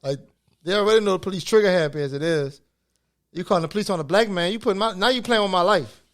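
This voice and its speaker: A man's voice: high voice, fast. A man co-hosting a podcast, chatting casually and reacting with short remarks. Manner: short reactions, laughs often. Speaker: podcast co-host. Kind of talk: casual chat.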